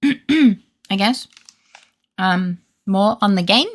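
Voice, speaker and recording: A woman's voice: medium pitch, animated, drawn-out words. A woman streamer in casual live-stream chat, giggly and chatty and swearing freely.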